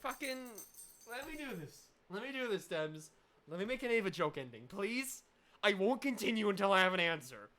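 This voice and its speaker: A young woman streaming a game with loud, rambling, sweary, excitable commentary. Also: mid-range voice, moderate pace. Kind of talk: let's play commentary.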